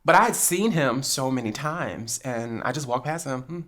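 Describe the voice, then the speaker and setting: On her podcast, a New Jersey woman with a very deep voice tells a story at a normal pace. The chat is casual and animated, with plenty of laughs and dialogue she acts out.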